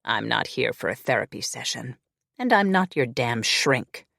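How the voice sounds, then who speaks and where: A possessive immortal shifter male who talks in a low, cold and controlled way, as the narrator voices him. His hissing delivery sits close to the mic in a dry audiobook sound. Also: very animated, normal speed, gravelly, bright, forceful tone, no room sound, heavily acted.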